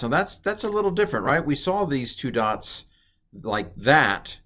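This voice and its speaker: Lively, playful man teaching. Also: moderate pace. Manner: playful, jokey asides, lively swings in pitch. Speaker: Hebrew teacher. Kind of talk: recorded online lesson.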